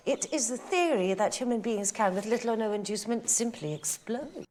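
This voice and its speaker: A woman's voice: a little high, lively intonation, fairly quick, darkish tone, a little hiss or hum, natural voice. An actress playing a poised Victorian reptile woman detective, formal and precise with dry wit, in a TV drama. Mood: explaining. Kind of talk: TV drama acting.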